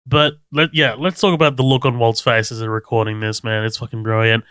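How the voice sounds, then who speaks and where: Smooth-voiced man, laid-back podcast chat. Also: mid-range voice, steady tone, brisk, a bit bright, dry recording, clean studio sound. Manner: laid-back, swears freely, laughs often. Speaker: podcast co-host. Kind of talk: casual chat recapping a TV episode.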